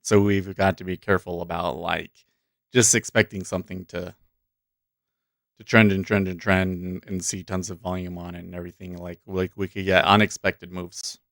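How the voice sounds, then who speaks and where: Speaking at normal speed in a deep, fairly flat voice with vocal fry and a slight brightness, the day trader chats with his livestream audience from his desk mic. His commentary is casual and direct, with pauses to think aloud, and the studio-quality recording has no room sound.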